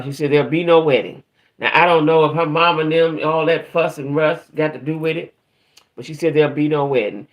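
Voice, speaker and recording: A woman hosting a casual livestream who rambles chattily, talks straight to her viewers and trails off while searching for names. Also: low-pitched. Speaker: host of a reality TV talk channel.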